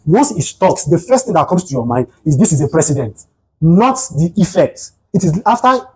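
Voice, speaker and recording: A man's voice: on the high side, normal speed, breathy edge, rough recording. A man with a Nigerian accent giving a motivational talk on mental health, telling stories and asking his listeners rhetorical questions. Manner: animated storytelling, rhetorical questions. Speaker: psychotherapist and guest speaker.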